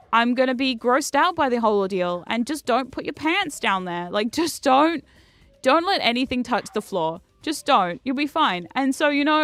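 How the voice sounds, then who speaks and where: A woman streaming a video game, chatting casually with a self-mocking humor and frequent laughs, jumping between loud outbursts and low asides. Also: no echo. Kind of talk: casual chat while gaming.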